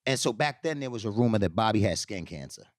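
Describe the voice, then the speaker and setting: A man's voice: fairly low pitch, fast, dry recording, studio quality. A middle-aged man telling a long story in a casual chat, acting out the voices of the people in it and laughing often. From New York. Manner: animated, acts out quoted voices, laughs often. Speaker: guest storyteller.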